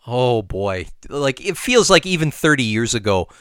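A man's voice: medium pitch, big pitch swings, normal speed, a bit bright, smooth, dry recording, studio quality. A man co-hosting a podcast, talking through his points step by step in casual discussion. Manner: thoughtful, explains step by step. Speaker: podcast co-host.

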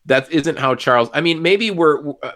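A man's voice: on the high side, animated, normal speed, a bit bright. A man co-hosting a podcast in casual chat, joking and putting on playful mock voices. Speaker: podcast co-host.

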